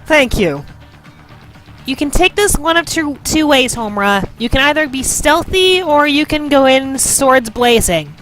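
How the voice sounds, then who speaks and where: A woman giving loud, playful gaming commentary, bickering as she plays. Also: high-pitched, animated, moderate pace, hardly any pauses, soft background music. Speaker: let's play host.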